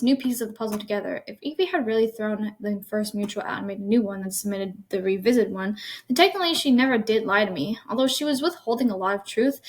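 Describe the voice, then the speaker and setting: Woman narrating a tense first-person story. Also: fairly high pitch. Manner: tense, with small slips and restarts.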